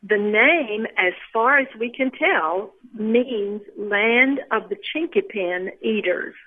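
A woman's voice: medium pitch, lively intonation, slow pace. A woman, a local tour guide, patiently explaining things in a phone interview. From Louisiana. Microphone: telephone. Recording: tinny phone line.

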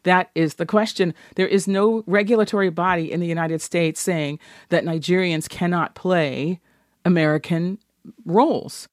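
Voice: medium pitch, fairly even intonation, moderate pace, dry recording, studio quality. An interview host asking questions in a chatty, hesitant way, often repeating words.

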